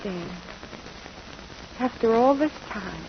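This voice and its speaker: A woman's voice: a little high, lively intonation, slow pace. An actress playing a young female dancer, tender and torn, with breathless emotional pleading in 1940s radio acting. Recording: dull 1940s radio recording with clear hiss.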